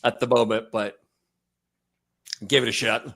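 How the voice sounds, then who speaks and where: A slightly hoarse man co-hosting a movie podcast, rambling and joking in casual chat. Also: mid-range voice, little pitch movement, measured pace, fairly bright tone. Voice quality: rambling, joking, laughs often. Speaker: podcast co-host.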